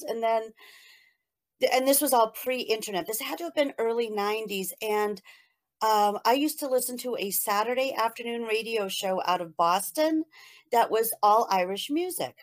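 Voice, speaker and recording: A woman co-hosting an interview, telling a fond memory in a rambling, emotional way. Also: a little high. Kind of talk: casual interview chat.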